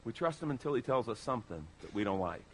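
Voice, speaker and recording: A man's voice: quick pace, breathy edge. A man pastor delivering a sermon, speaking emphatically and persuasively to his congregation. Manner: animated, emphatic preaching with sweeping pitch.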